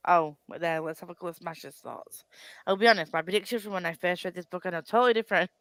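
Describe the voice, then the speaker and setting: A woman's voice: on the low side, fairly even intonation, quick pace, no room sound. A woman chatting casually about a book on a live show, rambling with many restarts and self-deprecating laughs. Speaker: book club co-host.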